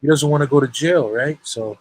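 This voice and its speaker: A man's voice: on the high side, fairly quick, a little hiss or hum, rough recording. A young man telling a long story in casual chat, rambling and full of street slang. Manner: rambling, street slang, lots of "bro" and "right?".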